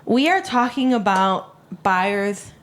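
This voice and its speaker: A woman's voice: mid-range voice, lively intonation, slow. A young woman co-hosting a podcast in casual chat, teasing her sister and laughing often. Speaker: podcast co-host.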